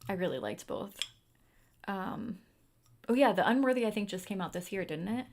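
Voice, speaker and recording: A woman's voice: medium pitch, animated, moderate pace, a little mellow, slight background noise. A young woman hosting a livestream in a casual, chatty way, answering viewer comments as she goes. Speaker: livestream host. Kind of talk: casual chat.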